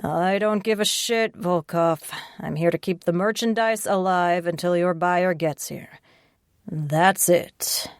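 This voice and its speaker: A woman's voice: on the low side, fairly even intonation, takes it slowly, clear, resonant tone, no echo, studio quality. A woman voicing an irritable, cold-eyed male doctor who speaks in a clipped, dismissive way in an audiobook.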